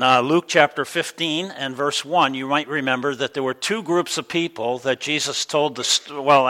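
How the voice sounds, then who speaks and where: A middle-aged man preaching a sermon in a relaxed, conversational way, with many ums and uhs. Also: mid-range voice, low-quality recording. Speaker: pastor.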